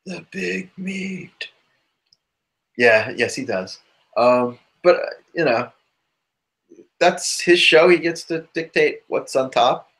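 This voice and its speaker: A man's voice: mid-range voice, animated, slow pace, fairly bright tone. Rambling man co-hosting a podcast. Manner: rambling and loose, full of asides. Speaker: podcast co-host. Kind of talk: casual chat.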